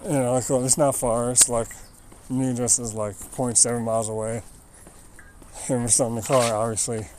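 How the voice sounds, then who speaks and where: A man at an everyday middle pitch tells a wry, rambling story to his live stream, leaning on "like" as he goes. He is outdoors, with a faint wash of outdoor noise behind him. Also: steady tone, fairly quick. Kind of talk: casual storytelling.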